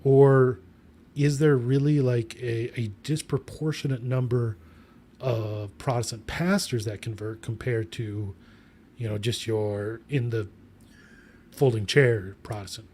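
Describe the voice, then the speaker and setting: A man's voice: medium pitch, steady tone, unhurried, darkish tone, a little hiss or hum. A man co-hosting a podcast in casual chat, asking thoughtful questions and teasing his partner wryly. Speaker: podcast co-host.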